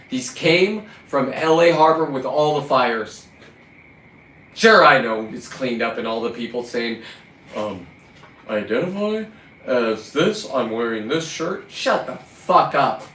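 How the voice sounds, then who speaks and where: A man's voice: mid-range voice, a bit bright. Profane, combative man ranting from afar. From California. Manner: combative, profane, talks to the lobsters. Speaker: recreational lobster fisherman. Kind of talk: ranting vlog monologue. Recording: roomy, distant mic, faint ambient noise.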